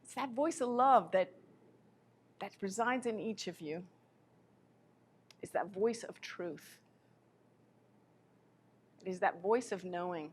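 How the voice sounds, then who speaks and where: An impassioned woman delivers a live spiritual lecture, her voice dropping low and soft and then rising loud. Her pitch sits in a middle range for a woman. A faint low rumble runs beneath the recording. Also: takes it slowly, long pauses.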